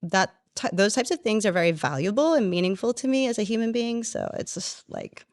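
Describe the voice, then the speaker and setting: A woman in her forties with a Texan accent, an animated, outspoken podcast guest chatting casually. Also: medium pitch, fairly quick, no echo, studio quality. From Texas, USA. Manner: animated, outspoken, laughs easily. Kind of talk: casual chat.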